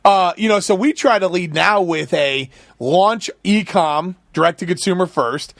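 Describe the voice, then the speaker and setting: A man on a podcast as a guest, telling business stories in a lively, animated way and acting out quotes. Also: high-pitched, measured pace, creaky, dry recording, studio quality. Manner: animated, storytelling with acted-out quotes. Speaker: guest, food company founder. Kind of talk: casual podcast chat.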